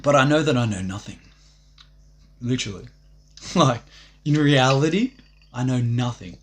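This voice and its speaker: A man's voice: mid-range voice, measured pace. A young man ranting on a livestream, boastful and profane, rambling from one thought to the next.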